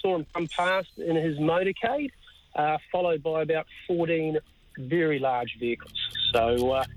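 A man's voice: on the high side, normal speed, muffled recording, slight background noise. A man calling in to a radio show, telling a story with lots of hesitations. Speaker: caller. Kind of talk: phone-in anecdote.

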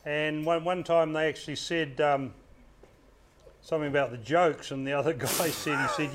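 A man's voice: fairly high pitch, steady tone, moderate pace, slight background noise. An older man, a guest telling rambling stories with hesitant restarts in casual chat. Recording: crowd chatter behind.

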